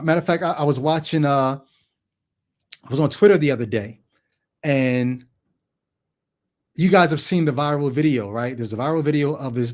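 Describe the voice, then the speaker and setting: Animated man hosting a call-in stream. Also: fairly high pitch. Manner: animated storytelling, acts out quoted voices; talks to the chat directly. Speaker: call-in show host. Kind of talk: livestream monologue.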